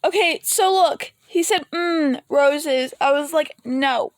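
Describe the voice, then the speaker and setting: A woman vlogger rambles through an emotional, casual rant, cursing now and then and breaking into laughs or coming close to tears. Her voice sits high and a little slow, with no echo.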